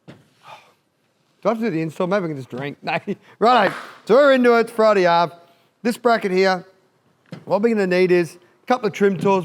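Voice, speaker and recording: A man with an Australian accent presenting a casual, jokey how-to install video and laughing at his own fumbles. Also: sits high. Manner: larrikin banter, laughs at himself.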